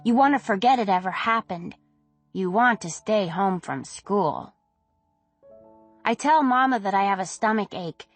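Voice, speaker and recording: Woman, first-person audiobook narration, gentle and slow, faint music bed. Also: mid-range voice, dry recording.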